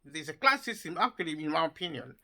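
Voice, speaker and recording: A man giving an opinion monologue for his video channel, halting as he talks, with many repeated words and fillers. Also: on the high side, big pitch swings, gravelly, bright, forceful tone, low-quality recording. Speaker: video commentator.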